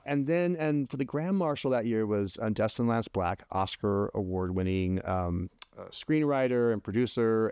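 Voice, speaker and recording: A man telling a story as a podcast guest in casual chat, animated, with many restarts, his voice jumping higher when he quotes himself. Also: no room sound, clean studio sound. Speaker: podcast guest, LGBT advocate.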